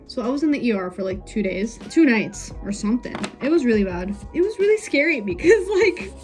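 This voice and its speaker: A woman's voice: on the high side, a little mellow. A woman in her twenties casually telling a story while doing her makeup at home, chatty and easily sidetracked. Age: 20s. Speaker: beauty vlogger.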